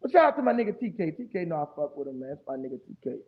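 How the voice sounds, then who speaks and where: A man hosting a casual fan stream, talking fast and loose with a lot of profane, animated trash talk. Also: a little high, breathy edge. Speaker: fan show host. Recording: tinny phone-like audio.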